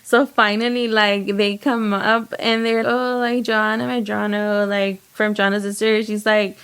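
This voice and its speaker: A young woman from Texas telling a story in casual chat, animated and quoting people, with lots of "like". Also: medium pitch, a little slow, smooth. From United States. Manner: animated, lots of "like" and quoted dialogue. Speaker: guest, home baker and business owner.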